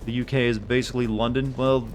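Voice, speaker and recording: Male streamer, casual gaming commentary, rambling, joking, mid pitch. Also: flat delivery, fast talker, soft background music. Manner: rambling, joking, thinks aloud.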